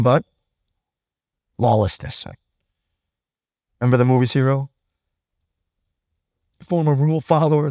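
A male pastor delivers a sermon in a relaxed, conversational tone, often turning to the congregation with a quick "right?" His voice sits fairly high for a man. The recording is dry and close, with no room echo.

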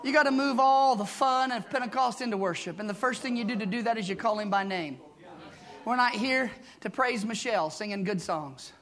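A man preaching a fervent Pentecostal sermon, shouting in rhythmic bursts and tagging lines with "huh?". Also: high-pitched, fairly quick. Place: church sanctuary. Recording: live church with congregation behind.

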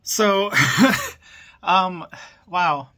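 A young man in an excited, stammering toy unboxing vlog, laughing often and catching his breath. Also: high voice, extremely slow. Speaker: toy collector vlogger. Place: room in a house.

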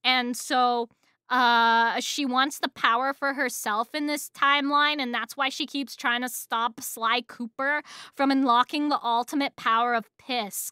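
A woman streamer riffing on a video in a playful, giggly way, full of crude jokes. Her high, bright voice sounds close and dry, and she talks at an unhurried pace. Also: smooth, no room sound. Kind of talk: casual reaction commentary.

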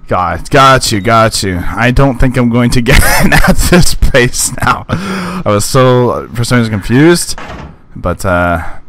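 A young man with a deep voice giving rambling, self-conscious commentary as he plays a horror game. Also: big pitch swings, takes it slowly, fairly bright tone, dry recording. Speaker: gaming YouTuber. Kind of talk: casual let's-play commentary.

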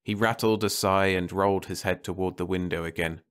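A man narrating a bleak science fiction story in a calm, measured bedtime reading. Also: low voice, clean tone.

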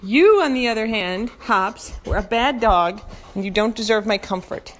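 A woman vlogging outdoors, telling a lively story and chatting to her dogs. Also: mid-range voice, normal speed. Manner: animated storytelling, playful asides to her dogs. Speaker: vlogger and dog owner. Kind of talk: casual storytelling to camera and dogs. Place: outdoors by the ocean.

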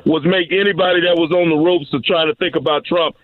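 A man calling into a radio show, rambling with many pauses and restarts. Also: a little high, fairly even intonation. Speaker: caller. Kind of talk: phone-in chat. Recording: tinny phone line.

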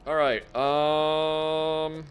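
A man giving casual live gameplay commentary as a streamer, talking to himself and breaking into excited outbursts. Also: very slow, clear, resonant tone, soft background music. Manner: excitable, talks to himself, sudden squeaky outbursts.

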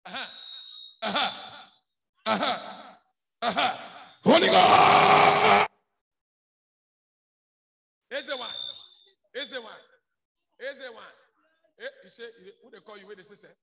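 A man with a Nigerian accent, a pastor leading a deliverance prayer session with repeated shouted commands. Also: high voice, a little slow, vocal fry, pauses often. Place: church service. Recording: roomy church hall with faint music.

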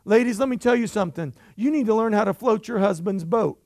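A man's voice: high-pitched, brisk, darkish tone, no room sound. A male pastor preaching a sermon in church, emphatic and jokey, calling for amens from the congregation.

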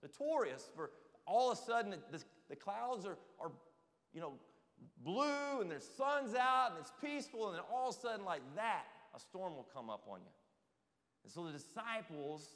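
Animated male preacher in a reverberant church. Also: fairly high pitch. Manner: animated, questions the congregation directly. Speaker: pastor. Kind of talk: sermon. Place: church sanctuary.

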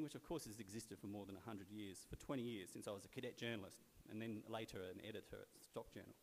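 A fairly low-voiced Australian man in his forties tells wry stories to a room, easygoing and full of "you know"s. His voice carries a long hall reverb over a faint hiss. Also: gravelly. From South Australia. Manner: conversational, wry storyteller with frequent fillers. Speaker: guest speaker at a club luncheon. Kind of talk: anecdotal after-dinner speech. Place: large event venue in a sports stadium.

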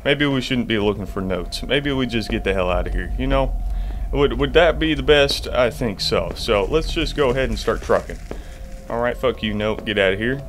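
A man's voice: medium pitch, lively intonation, moderate pace, a little hiss or hum. A man giving jumpy, profane commentary to himself while playing a horror game. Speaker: gamer.

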